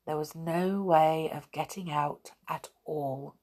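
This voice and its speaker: A woman reading a children's story aloud in a gentle, expressive way. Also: low-pitched, slow. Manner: gentle, expressive, with soft laughs.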